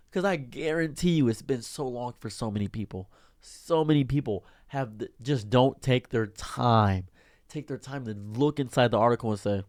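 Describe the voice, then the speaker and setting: A young man streamer giving an exasperated, animated ranting commentary. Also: medium pitch, fairly quick.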